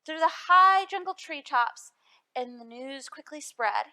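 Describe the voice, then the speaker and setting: A woman librarian reading a picture book aloud to children, expressive and asking them questions. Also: high voice, unhurried. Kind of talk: storytime read-aloud.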